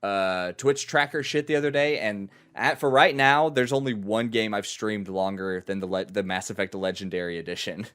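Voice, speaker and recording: A man's voice: on the low side, normal speed, few pauses, a bit bright, clean tone. Guy rambling about games on a podcast, lots of restarts, pretty casual. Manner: rambling, self-correcting, breaks into an auctioneer voice. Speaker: podcast co-host and streamer. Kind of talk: casual chat.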